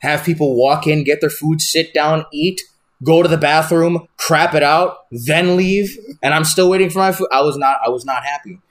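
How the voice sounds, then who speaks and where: Profane, animated male storyteller. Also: a little high, moderate pace. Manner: profane, animated, rambling with many restarts. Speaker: podcast guest, wrestler. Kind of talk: casual storytelling.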